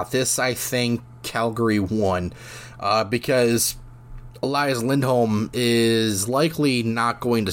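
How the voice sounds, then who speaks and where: A man hosting a solo hockey podcast, talking casually with lots of fillers and restarts while he has the hiccups. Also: on the low side. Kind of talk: solo sports podcast talk.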